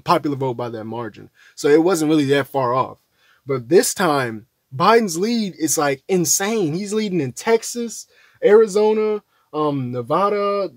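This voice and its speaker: A man's voice: on the high side, no room sound. A man chatting casually about an election map in a loose, rambling way, with many fillers and restarts. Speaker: political commentary vlogger.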